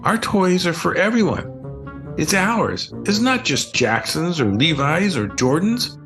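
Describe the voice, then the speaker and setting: A man's voice: on the high side, very animated, unhurried, music in the background. A wise little girl, as an older man reads her. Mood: earnest. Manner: earnest, helpful. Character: wise eight-year-old girl cousin.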